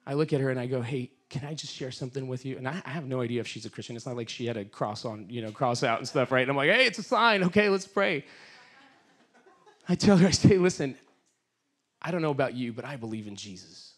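Husky man preaching a sermon. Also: medium pitch, quick pace. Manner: earnest, storytelling with quoted voices, fervent prayer. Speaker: guest speaker. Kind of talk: sermon with storytelling and prayer.

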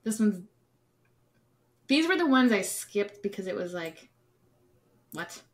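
A woman's voice: mid-range voice, sing-song, slow. A woman co-hosting a podcast in casual chat, self-mocking and laughing often. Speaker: podcast co-host.

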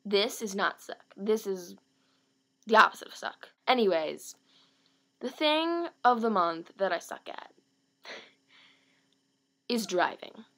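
A teenage girl vlogging in a casual, rambling, self-mocking way, talking in quick bursts. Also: medium pitch, animated, bright, forceful tone. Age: late teens. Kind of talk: casual vlog monologue.

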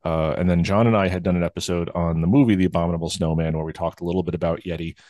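A man's voice: low-pitched, steady tone, very fast, warm tone, no room sound, clean studio sound. A man hosting a podcast, talking casually and rambling with lots of fillers. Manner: rambling, many fillers and restarts. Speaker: podcast host.

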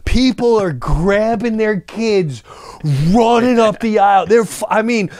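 A man's voice: sits high, unhurried, darkish tone. A man, a comedian, telling a long story on a podcast, acting out other people's lines and swearing freely.

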